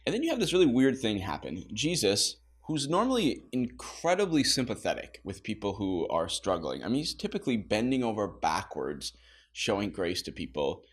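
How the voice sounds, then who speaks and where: Lively, casual man teaching Bible study. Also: on the low side, normal speed, husky. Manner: casual, with laughing asides and acted-out quotes. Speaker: pastor.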